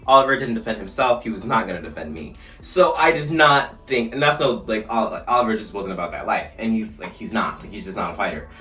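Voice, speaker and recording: A young man vlogger telling a story in a casual way while getting ready, with animated retellings. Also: on the low side. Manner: animated storytelling, shouting re-enacted lines. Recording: echoey room, mic at a distance, faint music.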